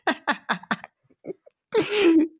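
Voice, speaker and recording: A man's voice: very high-pitched, sing-song, extremely slow, dry recording, clean studio sound. A man co-hosting a podcast in casual banter, blunt and wisecracking, swearing freely. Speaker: podcast co-host. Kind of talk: casual chat, joking banter.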